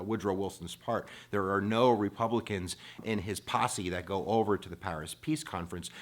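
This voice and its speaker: A man giving an energetic, informal history lecture to students, with playful asides and bursts of emphasis. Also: lowish voice. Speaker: teacher.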